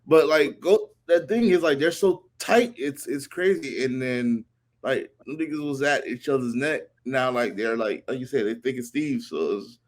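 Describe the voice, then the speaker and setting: A man chatting casually about TV and movies in a relaxed, slangy way, with hesitant fillers. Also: medium pitch, normal speed. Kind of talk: casual chat.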